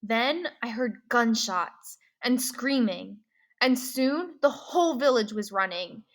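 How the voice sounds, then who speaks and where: A woman reading a novel aloud in the first person, pausing to ask comprehension questions, slow and clear. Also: fairly high pitch, expressive. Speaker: reader.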